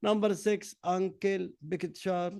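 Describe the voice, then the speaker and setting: A man whose native language is Arabic, with an Egyptian accent, teaches an English workbook lesson, slowly drilling answers out one word at a time. His voice is high and darkish, with fairly even intonation and vocal fry, and there's no room sound.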